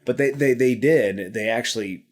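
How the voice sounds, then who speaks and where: A man's voice: medium pitch, normal speed. A middle-aged man, a retired Army helicopter pilot, chatting casually as a podcast guest, often restarting his sentences and laughing easily. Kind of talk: casual conversation.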